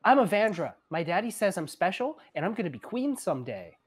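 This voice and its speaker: A man's voice: high voice, sing-song, fairly quick, breathy edge, pitched above the performer's own voice, full character voice. A man doing an eager little girl seer. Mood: proud. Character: little girl who sees visions.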